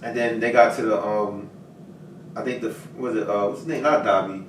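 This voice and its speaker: A man's voice: fairly low pitch, moderate pace. A man co-hosting a casual anime talk show, rambling in slang. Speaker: podcast co-host. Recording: roomy room, distant mic, faint hiss.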